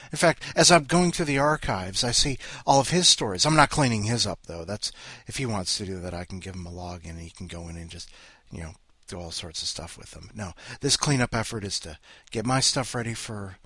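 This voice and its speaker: A man's voice: fairly low pitch, bright, forceful tone, no room sound. A man hosting a story podcast, chatting in a rambling, self-mocking, joking way. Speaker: podcast host. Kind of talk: casual rambling chat.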